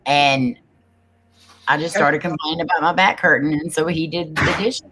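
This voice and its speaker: A woman's voice: deep voice, fairly even intonation, unhurried, noisy background. A woman in her forties with a Texan accent, co-hosting a casual paranormal chat and teasing the others with frequent laughter. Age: 40s. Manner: laughs often, teasing banter. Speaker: paranormal show co-host.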